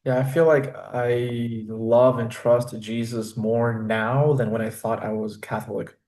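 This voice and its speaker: A man hosting a podcast, talking in a relaxed, reflective way with frequent fillers. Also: mid-range voice, measured pace. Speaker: podcast host. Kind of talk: casual conversation.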